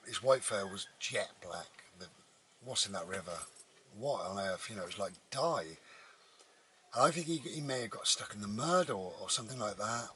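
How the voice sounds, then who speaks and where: A man's voice: lowish voice, bright, forceful tone, slight background noise, low-quality recording. A man, a vlogger, telling a personal story in a rambling, casual way with many restarts. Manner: rambling, with frequent restarts and fillers.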